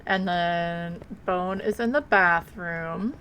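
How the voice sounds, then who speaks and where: A woman's voice: fairly low pitch, slow pace, a bit bright, highs cut off, slight background noise. A woman streamer chatting casually while playing a game, rambling and blunt, with offhand swearing. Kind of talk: casual live game commentary.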